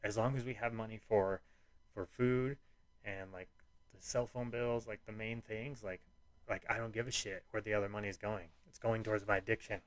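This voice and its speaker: Rambling low-voiced man telling his story. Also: fairly even intonation, moderate pace, dry recording. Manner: rambling, frequent "like" and restarts, swearing. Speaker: podcast host. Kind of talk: personal storytelling podcast.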